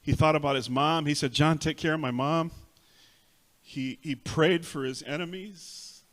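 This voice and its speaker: A male pastor with a Texas Spanish accent, preaching a sermon and repeating each point in Spanish and then in English, swelling loud on emphasis. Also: a little high, measured pace. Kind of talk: bilingual sermon. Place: church sanctuary.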